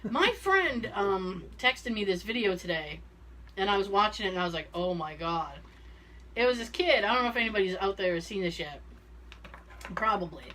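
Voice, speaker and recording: Lively, laughing woman telling stories. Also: mid-range voice, normal speed, slight background noise. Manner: animated, laughs often, acts out quoted voices. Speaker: podcast co-host. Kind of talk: casual storytelling chat.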